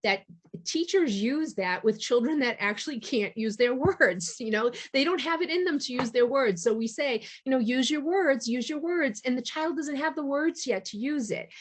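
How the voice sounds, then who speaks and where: A woman's voice: high-pitched, lively intonation, moderate pace. A middle-aged woman co-hosting a podcast in casual chat, explaining her points earnestly with the odd laugh. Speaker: podcast co-host.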